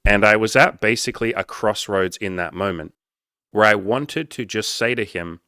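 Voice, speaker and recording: Low-voiced, profane man telling a story. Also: normal speed, clean tone, dry recording, clean studio sound. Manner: casual, profane, self-mocking, quotes people in lively voices. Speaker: dating and self-improvement coach. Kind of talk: candid personal storytelling to camera.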